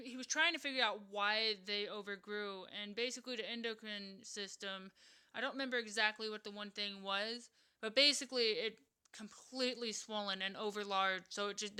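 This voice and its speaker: A woman's voice: medium pitch, clean tone. Woman reading a text game aloud. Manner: stumbles and corrects herself while reading. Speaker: let's player. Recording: loud background noise, typing clicks.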